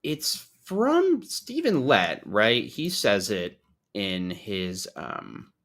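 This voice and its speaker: Lively, joking male podcast host. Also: on the low side, extremely slow. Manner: joking, profane, self-mocking. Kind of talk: casual chat.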